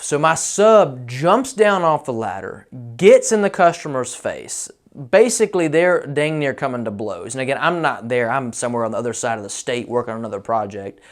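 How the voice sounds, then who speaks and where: A man in a casual, rambling storytelling voice, recounting a job-site dispute. He restarts sentences often and slips into quoted dialogue without changing his voice. His pitch sits at an ordinary middle. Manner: rambling, many fillers and restarts, quotes people in his own voice. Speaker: roofing contractor telling a story.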